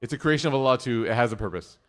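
Animated middle-aged Muslim storyteller man. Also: mid-range voice, rapid-fire. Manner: animated storytelling, acts out quotes, sprinkles in Arabic phrases. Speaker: Muslim speaker. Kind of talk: storytelling talk with a religious lesson.

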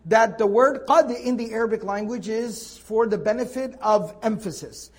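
A man's voice: high-pitched, normal speed, breathy edge. A man teaching a Quran tafsir lecture in a patient, explanatory way, stressing key words and often restarting his sentences.

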